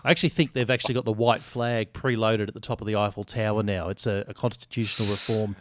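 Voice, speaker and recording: A man's voice: lowish voice, little pitch movement, fast talker, a little hiss or hum. A man co-hosting a podcast, chatty and joking, swearing freely. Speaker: podcast co-host. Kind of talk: casual sports chat.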